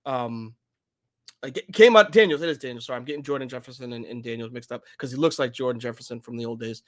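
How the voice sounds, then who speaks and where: A young man co-hosting a casual sports podcast from home, animated and rambling, jumping into excited outbursts. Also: mid-range voice, fast talker. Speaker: podcast co-host. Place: home room.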